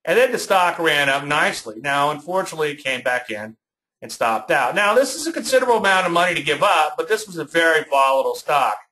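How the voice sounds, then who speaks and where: Man, cajun accent, folksy chatty lecture, forceful bright tone, echoey room. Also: on the high side, expressive, fast. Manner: folksy storyteller, chatty with fillers. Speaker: trading educator. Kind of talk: webinar lecture on stock charts.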